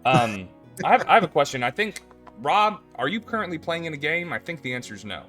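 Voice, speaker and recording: A man's voice: fairly high pitch, big pitch swings, a little fast, pushed and bright, faint music behind. A man hosting a casual podcast chat, thinking aloud and poking fun at himself. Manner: conversational, thinking aloud, self-deprecating. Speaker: podcast host.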